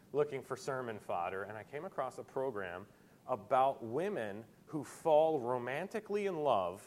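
Animated, lively male preacher. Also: medium pitch. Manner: animated storyteller, acts out quotes. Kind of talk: sermon.

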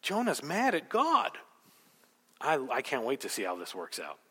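A man preaching a sermon, emphatic and rhetorical, telling the story with animated asides. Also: mid-range voice, normal speed, breathy edge, big-room sound. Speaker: pastor.

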